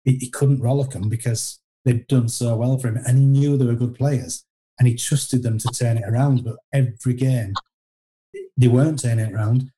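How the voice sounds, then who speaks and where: A middle-aged man with a very dark, mellow voice, speaking at a mid pitch. He tells old stories from his playing days in a loose, rambling way, often restarting sentences and poking fun at himself. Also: fairly even intonation, moderate pace. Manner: rambling anecdotal, frequent restarts, self-deprecating. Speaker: former footballer guest. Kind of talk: casual interview storytelling.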